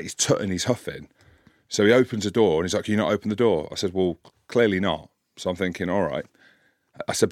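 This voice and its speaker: A deep-voiced man in his forties spins a long anecdote on a podcast, easygoing but animated. When he acts out a quarrel he gets loud and climbs high. The sound is close and dry, with no room around it. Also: no room sound. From Scotland. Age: 40s. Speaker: podcast co-host, rugby commentator. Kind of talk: casual chat, storytelling.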